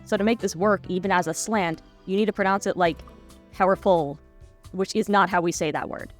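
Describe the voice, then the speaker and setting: A woman's voice: mid-range voice, fairly even intonation, quick pace, soft background music. A woman narrating a scripted video essay in a wry, analytical manner.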